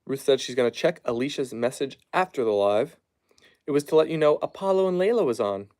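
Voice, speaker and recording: A man casually chatting on a live stream at home, reading viewer comments aloud and softly hushing his dogs. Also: medium pitch, lively intonation, a little fast. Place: at home, down in the basement.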